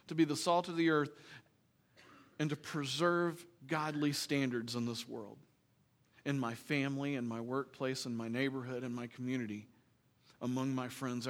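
A man pastor preaching a sermon in a church, earnest and emphatic, dropping into quiet, joking asides. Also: on the high side.

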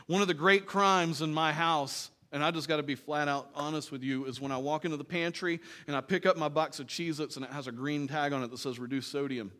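A man pastor preaching a sermon in a church, earnest and emphatic, dropping into quiet, joking asides. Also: on the high side, fairly even intonation, a little fast, few pauses.

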